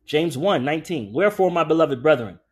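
A man preaching a sermon who talks casually with the congregation and slows way down to read scripture aloud. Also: on the high side, breathy edge. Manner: conversational, animated preaching with frequent asides to the congregation.

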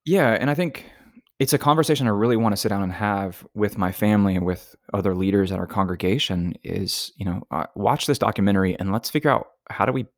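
Deep-voiced man. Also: fast, no room sound, studio quality. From Southern Alabama, US. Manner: thoughtful, earnest, rambling. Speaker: podcast co-host. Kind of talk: casual podcast chat.

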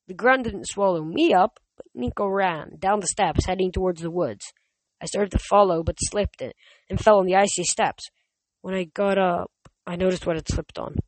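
A reader narrating a story in first person, steady, with small slips and restarts. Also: medium pitch, moderate pace, no echo, poor audio. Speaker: audiobook reader.

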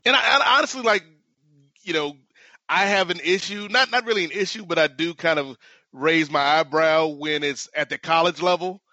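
Bright-voiced man hosting a lo-fi podcast. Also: fairly high pitch, normal speed, no room sound. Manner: conversational, addresses co-host by name. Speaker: podcast host. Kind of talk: casual podcast discussion.

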